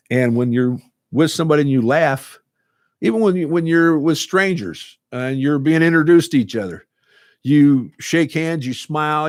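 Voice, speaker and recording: A man's voice: medium pitch, a little mellow, no room sound, studio quality. A man who teaches a laughter club, talking earnestly and casually and repeating words as he goes. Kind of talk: casual talk to camera.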